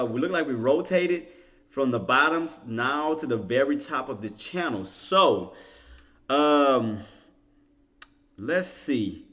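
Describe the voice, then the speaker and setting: Bright-voiced man teasing his chat. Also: mid-range voice. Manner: laughing, teasing banter with viewers; loose casual slang. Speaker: stock trading livestream host. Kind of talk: casual livestream commentary to chat.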